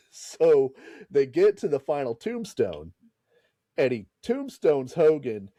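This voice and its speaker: A man's voice: a little high, very animated, takes it slowly, warm tone, dry recording. A man hosting a podcast, casually retelling a story and laughing and swearing as he goes. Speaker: podcast host.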